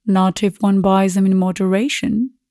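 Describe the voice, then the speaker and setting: A woman's voice: mid-range voice, little pitch movement, normal speed, warm tone, no echo, clean studio sound, close to an everyday voice. A woman reading the part of a grand, bossy elder spinster sister who speaks in a lofty, firm way.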